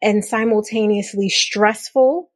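Effusive, husky-voiced woman podcast host. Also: mid-range voice, measured pace, dry recording, clean studio sound. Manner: effusive, animated, makes up words. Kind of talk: casual interview chat.

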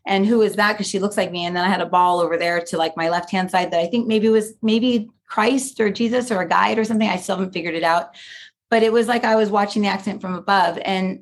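A young woman telling a personal story in a casual interview, chatty, full of "like" and "you know", acting out what people said. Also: medium pitch. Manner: chatty, lots of "like" and "you know", acts out quotes. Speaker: guest.

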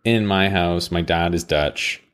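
Deep voiced canadian guy telling stories in a podcast chat, swears, does little voices for quotes. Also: measured pace, clean tone. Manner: animated storyteller, swears, acts out quotes. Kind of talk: casual chat.

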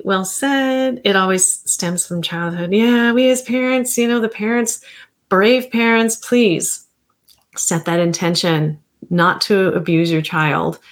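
A woman's voice: fairly low pitch, a bit bright. Rambling woman therapist in her fifties. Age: 50s. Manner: rambling, self-correcting, chuckling. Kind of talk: casual livestream chat.

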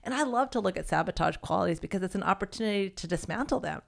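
A woman's voice: medium pitch, animated, fast talker, gravelly. A woman therapist explaining her ideas in conversation, acting out other people's voices in the quotes she tells and often checking in with "right?". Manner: acts out quoted voices, tags sentences with "right?".

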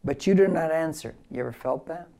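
A man's voice: on the high side, fairly quick, gravelly, dark tone. A male pastor preaching a verse-by-verse sermon with emphasis, leading listeners in repeating key phrases.

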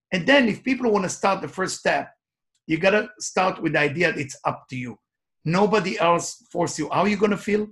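Pitched high, a male life coach gives a forceful motivational speech built around his own stories, told with lively, non-native English phrasing.

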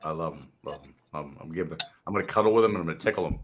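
A man co-hosting a live talk show, playful and excitable, who stammers when he gets excited. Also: rumbling low, rapid-fire, noisy background. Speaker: podcast co-host.

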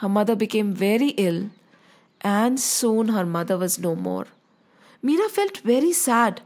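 A woman narrating a children's story in an expressive, slow and deliberate way, singing out the sound effects. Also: a little high.

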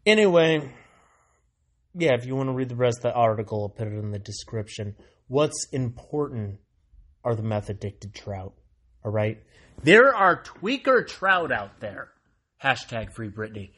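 An American man delivers a sarcastic solo monologue at an unhurried pace. His voice sits at a middling pitch, and he keeps breaking into irreverent, mocking remarks that jump from loud bursts to low mutters. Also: sing-song. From United States. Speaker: solo commentary host. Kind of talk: sarcastic monologue reading news.

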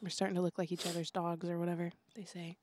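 A woman's voice: lowish voice, level tone, fast talker, background noise. A young woman co-hosting a podcast in casual chat, laughing often as she talks. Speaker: podcast co-host.

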